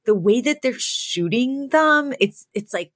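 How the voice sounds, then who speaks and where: A woman's voice: on the high side, expressive, measured pace, no room sound. A woman co-hosting a podcast, casually retelling a sitcom episode and acting out the characters' lines. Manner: chatty storytelling, acts out quoted lines. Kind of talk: casual chat.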